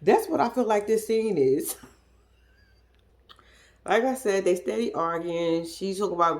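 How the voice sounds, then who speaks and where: A woman giving a casual, blunt and profane recap of a reality show, talking in an animated storytelling way. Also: medium pitch, unhurried, long pauses.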